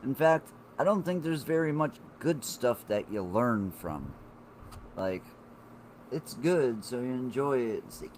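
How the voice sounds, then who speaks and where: A man's voice: mid-range voice, sing-song, measured pace, a little hiss or hum. A man in his forties chatting on a live stream, rambling and swearing while he talks to his viewers. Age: 40s. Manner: rambling and profane, talking to chat viewers. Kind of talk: casual live-stream chat.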